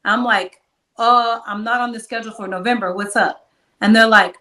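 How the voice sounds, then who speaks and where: Woman, interview guest, animated storyteller, slightly high voice, roomy echo. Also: moderate pace, distant mic. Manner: animated, acts out quoted dialogue.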